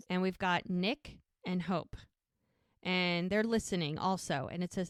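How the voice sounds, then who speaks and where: A woman's voice: fairly low pitch, normal speed, clear, resonant tone, no echo. Woman retelling a story in a dry, close room. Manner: animated storytelling, acting out lines in passing. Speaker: podcast host recapping a TV episode. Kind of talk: casual recap chat.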